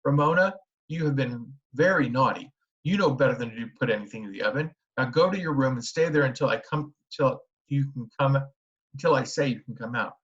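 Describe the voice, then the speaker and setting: A man voicing a patient, tired mother, slightly raised and gentle, in a dull lo-fi recording. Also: medium pitch, brisk, voice pushed up, natural voice. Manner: calm, lifted and gentle.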